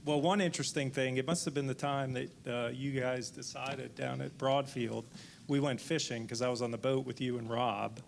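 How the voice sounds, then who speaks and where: A man in his forties, a fishing guide on a panel, telling a lively anecdote full of restarts. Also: mid-range voice, normal speed, creaky, slight background noise. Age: 40s. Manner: rambling, lively retelling with frequent restarts. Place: indoor event venue.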